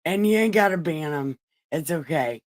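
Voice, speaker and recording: Animated and low-pitched, a woman speaks at normal speed while hosting a relaxed livestream Bible reading. She swears, laughs in asides, and talks crudely with the people watching.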